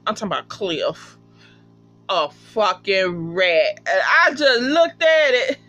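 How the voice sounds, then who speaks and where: A vlogger casually recapping a TV episode, profane and animated, acting out the characters' lines. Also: medium pitch, slow pace, highs cut off, soft background music. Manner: profane, animated, acts out quotes. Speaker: TV episode reviewer.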